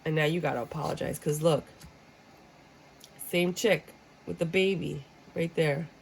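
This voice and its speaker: A woman gives a casual tarot reading in a low, gravelly voice. She talks bluntly and jokes as she acts out how people react. A faint hiss sits under the recording. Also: measured pace, poor audio. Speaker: tarot reader. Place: room with a squeaky chair.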